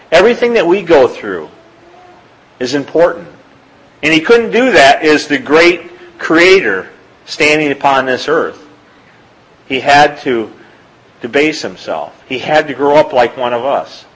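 A man's voice: a bit bright, rough recording. A man giving an informal sermon, reading scripture aloud and talking plainly to his listeners. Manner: conversational, reads scripture aloud, rises in pitch when pressing a point. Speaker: lay preacher.

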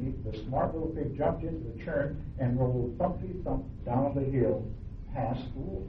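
A man's voice: fairly high pitch, a little hiss or hum. A man preaching a sermon and reading a children's story aloud, speaking earnestly and with emphasis. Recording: echoey, tinny, from far off.

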